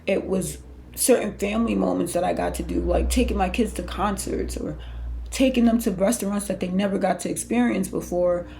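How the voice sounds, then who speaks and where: A woman with a heavily gravelly, fry-laden voice at a middle pitch tells her own faith story as a podcast host. She talks candidly and emotionally, in loose conversational runs that restart mid-thought. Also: brisk, warm tone, slight background noise. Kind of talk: personal faith testimony.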